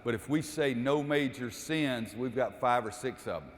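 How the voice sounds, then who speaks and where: A man's voice: medium pitch, normal speed. A man running a basketball coaching clinic, calling out cues during drills and explaining the defense to the audience. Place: gym. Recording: echoey gym with long reverb.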